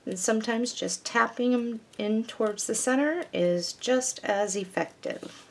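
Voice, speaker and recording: Slow, patient woman teaching a craft. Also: fairly high pitch, vocal fry. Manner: patient, instructive, talks through each step. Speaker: craft tutorial host. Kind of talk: step-by-step craft demonstration.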